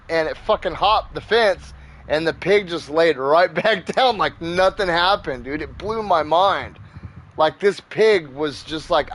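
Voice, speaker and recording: A man's voice: sits high, expressive, moderate pace, fairly bright tone. A man hosting a gaming channel, telling a story in a rambling, profane, casual way. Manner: rambling and profane, with many fillers.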